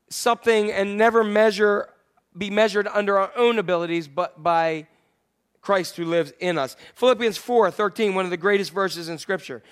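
A man with a notably high voice preaches to his congregation in a chatty, questioning way. He jumps from loud, emphatic lines to near-hushed ones. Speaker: pastor. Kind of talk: sermon.

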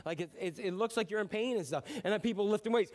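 A middle-aged man preaching a sermon, talking in a relaxed, conversational way. His voice sits high for a man. He stumbles and restarts sentences now and then, and he acts out short bits of the people in his stories. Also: fast talker. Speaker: pastor.

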